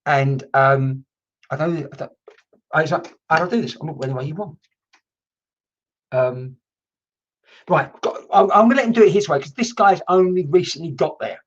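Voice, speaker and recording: A man acting as a medium in a live-streamed session talks in a rambling, chatty way, restarting often and swearing mildly now and then. His voice is a little high, his pace moderate with frequent pauses, and the computer mic cuts off the highs.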